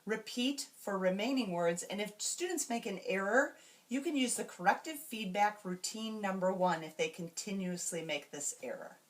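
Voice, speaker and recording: A woman explaining classroom reading routines to teachers, slowly and carefully, and modeling each word sound by sound. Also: medium pitch, lively intonation. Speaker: teacher trainer.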